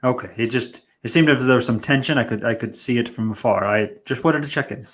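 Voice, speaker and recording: A man's voice: mid-range voice, fast, fairly bright tone. Man asking hesitant questions in an improv scene. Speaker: improv performer.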